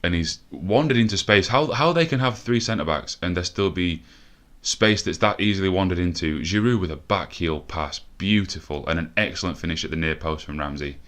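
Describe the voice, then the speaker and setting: A young man commentating a football video game live, a bit out of breath and swearing often, shouting when the action peaks. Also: deep voice, brisk, few pauses. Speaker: gaming commentator.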